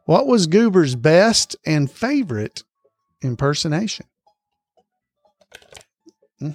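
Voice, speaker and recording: A man hosting a casual podcast trivia quiz, reading each question slowly and repeating it, with frequent chuckles, on a close microphone. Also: a little high, big pitch swings, a little mellow, no echo, soft background music.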